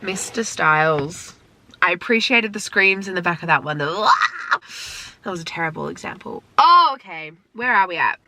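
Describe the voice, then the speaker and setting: A woman's voice: fairly low pitch, animated, normal speed, bright, forceful tone. A young woman vlogging her reaction to music from inside her car, gushing and emotional. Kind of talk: casual reaction commentary. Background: album music playing.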